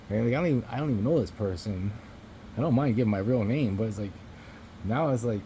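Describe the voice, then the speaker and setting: A man's voice: fairly low pitch, animated, quick pace, dark tone, a little hiss or hum, low-quality recording. A man vlogging to his phone camera, telling a rambling story in a casual, profane way and chuckling between remarks.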